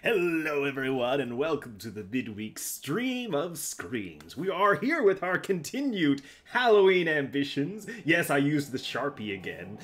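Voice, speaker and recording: A man's voice: a little high, measured pace, few pauses. A man hosting a live game stream, joking and mocking himself as he plays. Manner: jokey, animated, self-mocking.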